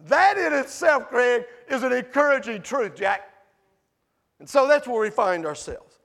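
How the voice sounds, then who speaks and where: A pastor preaching a sermon in a church sanctuary, animated and conversational, with asides to the congregation and shouts for emphasis. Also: male voice, very high voice, measured pace, gravelly.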